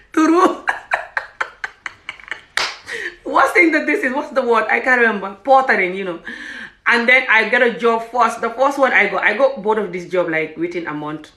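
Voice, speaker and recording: A woman's voice: mid-range voice, echoey room. A young woman from Gambia with a Gambian accent, casually telling her own story and acting out the voices of people in it. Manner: animated, acts out quoted speech, frequent "what the hell".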